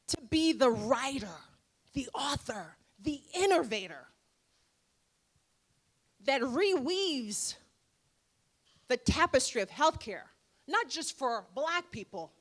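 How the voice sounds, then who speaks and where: A woman in her forties, a dentist giving an emphatic, rhetorical motivational speech with dramatic pauses at a gala. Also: high voice, a bit bright. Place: gala event room.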